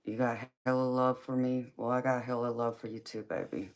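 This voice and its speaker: A woman's voice: a bass voice, a little fast. Woman with a Southern Georgia drawl. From California. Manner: drawling, relaxed, calls people baby. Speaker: tarot reader on a livestream. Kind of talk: casual live chat reading viewer comments.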